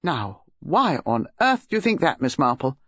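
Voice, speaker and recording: A courteous older gentleman speaks gravely and with measured politeness, as a woman reader voices him. His voice has a husky grain, and the audio is dry and slightly muffled. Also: low-pitched, big pitch swings, no echo, exaggerated voice.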